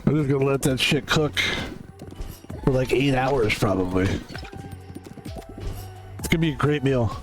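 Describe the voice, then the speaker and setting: A man's voice: mid-range voice, animated, a little slow, long pauses, music in the background. Joking, foul-mouthed male streamer. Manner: loose, joking, swears a lot. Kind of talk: casual gameplay commentary.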